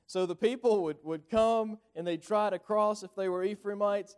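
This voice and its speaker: Male preacher, Southern US accent, conversational sermon, halting delivery, slightly high pitch. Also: a little mellow, clear, resonant tone. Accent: rural Southern US. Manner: halting, repeats words often.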